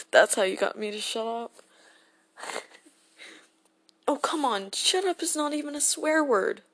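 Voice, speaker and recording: A woman voicing a gentle, goofy teenage boy hero who speaks as an affectionate boyfriend in a role-play audio, soft-spoken and prone to giggles. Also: a little high, animated, slow pace, pauses often. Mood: playful. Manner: soft-spoken and tender, breaking into giggles when tickled.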